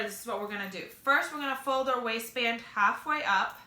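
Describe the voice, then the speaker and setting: A woman's voice: on the high side, brisk, hardly any pauses, bright, forceful tone, reverberant. A young woman talking through a sewing project in a casual, chatty way, often correcting herself. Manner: chatty, self-correcting, upbeat. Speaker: sewing instructor.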